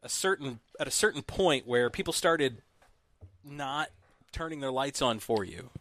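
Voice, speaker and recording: A man's voice: medium pitch, animated, a little slow, fairly bright tone. A man co-hosting a casual podcast chat, telling anecdotes and acting out quoted voices. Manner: storytelling, acts out quotes with raised voice. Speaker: podcast co-host.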